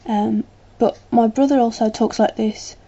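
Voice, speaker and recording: A woman's voice: fairly high pitch, steady tone, a little slow, dark tone, muffled recording. A woman with a British English accent chatting casually to camera as a vlogger, rambling a little with plenty of ums.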